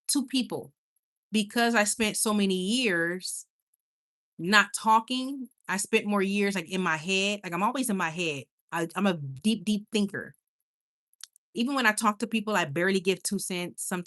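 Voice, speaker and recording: A chatty woman hosting a late-night livestream, talking straight to viewers and reading out their comments. She laughs a lot and stumbles over her words, with an easy, tired warmth in how she rambles. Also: medium pitch. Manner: chatty and animated, laughs often, stumbles and restarts.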